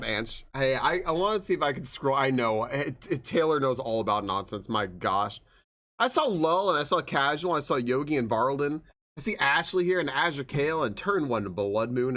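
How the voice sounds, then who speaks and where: A man's voice: mid-range voice, fairly bright tone. A man streaming live, chatting casually and greeting viewers by name, with frequent swearing. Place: home streaming room.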